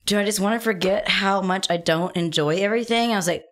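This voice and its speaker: A woman guest on a podcast, chatting in an animated, jokey way and slipping into silly put-on voices, recorded in a podcast studio. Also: medium pitch, quick pace. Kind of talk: casual chat.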